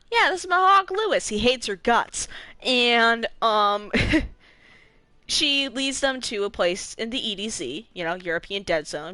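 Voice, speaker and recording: A young woman streamer recapping a game story in casual, animated talk, swearing freely and laughing between lines. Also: mid-range voice, no room sound. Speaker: gaming streamer.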